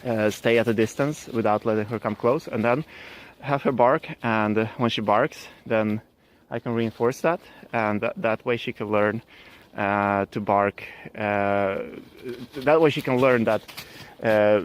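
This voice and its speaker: A man's voice: lowish voice, steady tone, measured pace. A man explaining his dog training approach in a casual, thinking-aloud way, with plenty of fillers and restarts.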